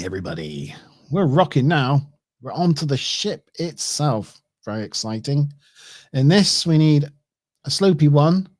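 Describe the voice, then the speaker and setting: A streamer with a slightly high, breathy-edged voice chats casually while building a model kit. He thinks aloud, chuckling and correcting himself along the way.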